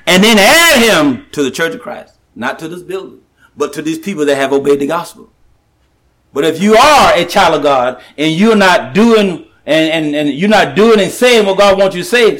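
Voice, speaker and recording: Lively high-voiced man preaching a sermon. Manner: emphatic, repetitive, with halting restarts; slows and rises to stress scripture.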